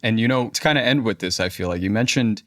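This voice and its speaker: A man's voice: fairly low pitch, fast talker, a bit bright. A man hosting a business podcast, asking questions and closing the show in a friendly, upbeat way. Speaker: podcast host. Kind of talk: interview and show outro.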